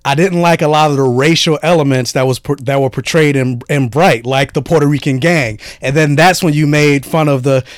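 Guy cohost cracking dry jokes, slightly high voice, dead dry mic. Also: steady tone, fairly quick, hardly any pauses, no echo. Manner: wry, joking asides. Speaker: podcast co-host. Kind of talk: casual podcast chat.

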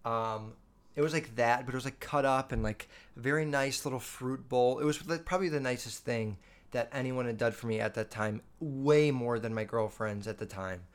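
A man's voice: medium pitch, moderate pace, clean tone. A young man in his twenties hosting a podcast, telling stories in a loose, rambling way with lots of swearing and filler words. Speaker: podcast host. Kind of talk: casual storytelling monologue.

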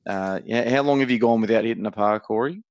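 A man's voice: on the low side, fast talker, a little mellow, dry recording, dull audio. A man with an Australian accent co-hosting a podcast, telling a teasing, profane story in casual banter. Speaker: podcast co-host.

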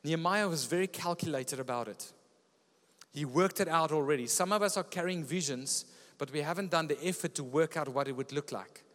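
A fairly high-voiced man preaches a sermon, telling stories in a lively way. His voice rings out in a church hall with a long echo. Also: a little fast. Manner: lively storytelling preacher, often laughing. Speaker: pastor.

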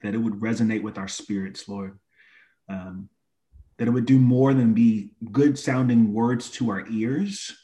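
A man leading a spoken prayer at a church service, halting with fillers. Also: fairly low pitch, fairly even intonation, dark tone.

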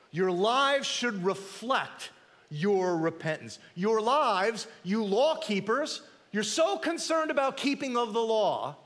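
A man delivers a sermon in a high, lively voice that climbs and drops as he acts out the voices in his text. He preaches with dramatic emphasis. A long reverb hangs behind him, as if he stands in a large hall. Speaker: pastor. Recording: echoey hall.

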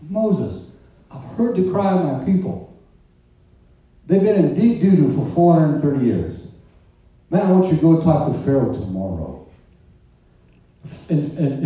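Male pastor preaching, chatty and animated, pitch swinging a lot; captured from a distance in a reverberant church. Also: a little slow. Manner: animated, conversational preaching with asides to the congregation. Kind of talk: sermon. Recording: roomy echo, distant mic.

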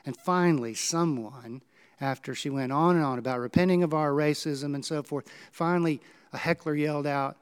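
A man's voice: moderate pace, clean tone. Man preaching with dramatic swings. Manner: storytelling with dramatic swings in pitch and volume. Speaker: pastor. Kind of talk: sermon.

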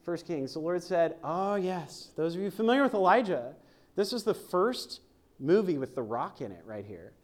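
A man's voice: sits high, lively intonation, normal speed. A man preaching a sermon at a church service, conversational and joking as he reads scripture aloud.

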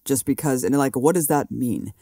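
A man from California co-hosting a political podcast, chatting loosely and peppering his speech with "like." His voice is dark and mellow, recorded close and dry. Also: mid-range voice, moderate pace, dry recording. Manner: casual, fills his speech with "like". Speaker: podcast co-host. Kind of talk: casual political podcast chat.

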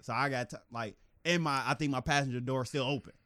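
A man telling a story animatedly in casual podcast chat, laughing and acting out quotes in a higher voice. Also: quick pace, sharp tone, clear, resonant tone, dry recording, clean studio sound. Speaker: podcast co-host.

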